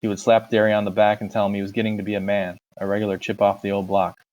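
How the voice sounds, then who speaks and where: A man reading a novel aloud in a plain, steady first-person narration, on a dull lo-fi recording. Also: lowish voice, quick pace. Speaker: audiobook reader.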